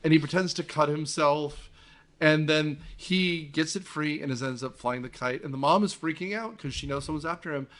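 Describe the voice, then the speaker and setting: This podcast host, a man with a fairly high voice talking at normal speed, runs a laid-back show about movies. He's animated as he relives scenes, laughing along and dropping the occasional swear word.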